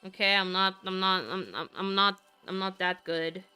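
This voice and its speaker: A woman streamer rambles to her viewers in a bright, crisp and smooth voice, taking her time. She gushes and swears freely, drifting into side remarks. Soft music plays faintly underneath. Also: medium pitch, expressive, normal speed. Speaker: vtuber streamer. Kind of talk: casual live-stream chat.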